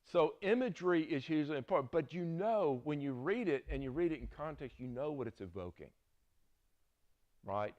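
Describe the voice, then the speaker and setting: A man's voice: a little high, expressive, moderate pace, a little mellow, dull audio. A middle-aged man with a Southern US accent, teaching a Bible class in a folksy, storytelling way and often checking in with "right?".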